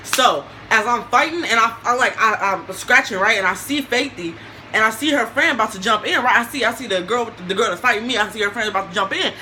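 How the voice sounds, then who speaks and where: Young woman storyteller, casual vlog, bright and sharp voice, animated, slangy, faint background noise. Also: on the high side, fast talker, rough recording.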